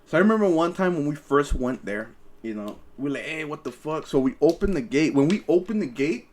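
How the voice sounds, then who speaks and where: A man's voice: on the high side, animated, a little fast, darkish tone, a little hiss or hum. A young man hosting a podcast, telling stories in casual chat, profane and rambling with lots of stammered restarts. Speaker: podcast host.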